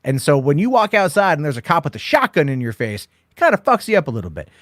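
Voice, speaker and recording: A man in his thirties hosts a casual late-night movie chat, his voice sitting a little high and close with no room around it. He rambles, swears freely and acts out quotes as he tells his stories. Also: huge pitch swings, fast talker, a bit bright, dry recording. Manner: rambling, profane, storytelling with acted-out quotes. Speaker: host.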